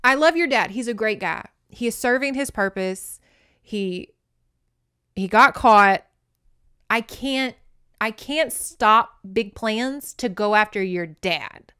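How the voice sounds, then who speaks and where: A woman's voice: on the high side, takes it slowly, sharp tone, smooth. A woman playing a lovestruck young male rebel leader in a casual, exasperated modern paraphrase.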